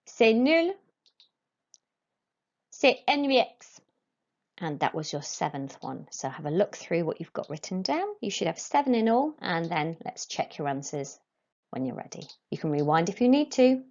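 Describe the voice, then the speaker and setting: A woman teaching a recorded French lesson, dictating phrases slowly and explaining pronunciation in English. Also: low voice, big pitch swings, creaky, mellow, lo-fi sound.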